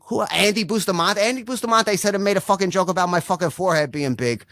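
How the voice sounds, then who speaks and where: A man's voice: high-pitched, quick pace, a bit bright, dry recording. A young adult man doing a rambling stand-up set full of swearing, checking in with "right?" over and over. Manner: rambling, swears constantly, says "right?" often. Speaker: stand-up comedian.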